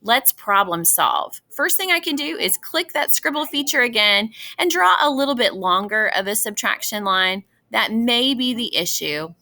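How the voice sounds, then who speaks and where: A woman's voice: on the high side, animated, moderate pace, few pauses, bright, forceful tone. A woman teacher talking students through a math example, patient and encouraging. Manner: patient, encouraging, addresses students as boys and girls. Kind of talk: classroom math lesson walkthrough.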